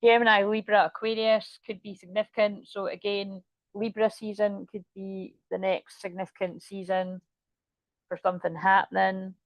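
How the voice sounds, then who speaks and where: A woman gives a chatty tarot reading and rambles from card to card. Her voice sits at a middling pitch. The recording is dull, dry and lo-fi. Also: little pitch movement, moderate pace, no room sound. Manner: chatty, rambling, swears casually. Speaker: tarot reader.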